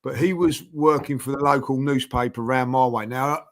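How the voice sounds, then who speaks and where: A man's voice: mid-range voice, steady tone, moderate pace, fairly bright tone. A man, a guest in a casual chat, telling a long story with lots of fillers and acting out the voices of people he quotes. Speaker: podcast guest.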